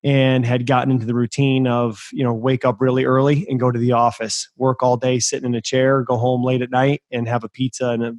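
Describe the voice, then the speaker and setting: A man hosting a podcast, telling a story in an emphatic, energetic way. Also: medium pitch, brisk, hardly any pauses, dry recording. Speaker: podcast host.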